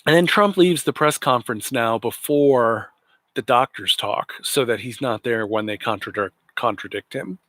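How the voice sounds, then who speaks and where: Man, livestream host, sarcastic political rant, mid pitch, dry close mic. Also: normal speed, a bit bright, no room sound. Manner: indignant, sarcastic.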